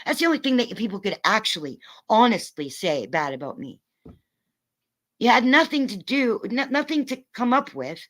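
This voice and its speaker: A woman's voice: fairly high pitch, big pitch swings. Furious profane woman ranting. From North America. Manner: furious, profane, talks fast in bursts. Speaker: streamer. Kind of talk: angry rant to a live audience.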